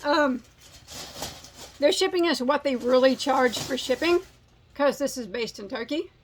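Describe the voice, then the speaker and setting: A woman in her forties with a slightly high voice, chatting casually to her viewers. She rambles, makes fun of herself and jokes around, with a little breathlessness. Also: expressive, measured pace, slight background noise. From United States. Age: 40s. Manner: rambling, self-mocking, jokey. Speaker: crochet channel host. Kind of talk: casual chat.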